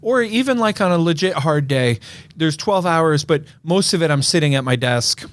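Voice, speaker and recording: A man's voice: fairly high pitch, expressive, normal speed, dry recording. Chatty man co-hosting a podcast. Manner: chatty, joking, many restarts and fillers. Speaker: podcast co-host. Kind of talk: casual chat.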